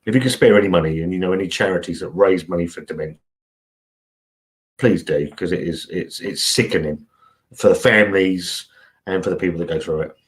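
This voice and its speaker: Host in his forties, low-pitched, chatty live stream rambler. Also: fairly quick. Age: 40s. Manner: rambling, chatty, swears freely. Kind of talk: casual live stream chat.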